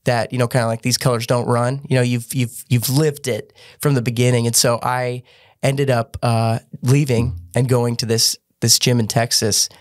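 A man's voice: medium pitch, flat delivery, moderate pace, dry recording, studio quality. A man who was a gymnast, telling his story earnestly as a podcast guest and often restarting his sentences. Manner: earnest, with frequent restarts and fillers. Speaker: podcast guest, former gymnast turned business owner. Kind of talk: casual storytelling interview.

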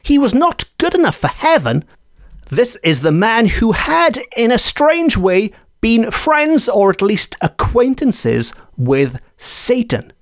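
A man who hosts a podcast, telling an old folk tale in an expressive way. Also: extremely high pitch, no room sound, clean studio sound. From Wales. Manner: expressive, unhurried storytelling. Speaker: podcast host.

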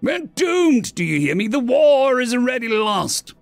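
A man voicing a panicking male alien general with mandibles, high-strung and melodramatic. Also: very animated, normal speed, gravelly, a bit bright, no echo, soft background music, full character voice. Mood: despairing, hysterical.

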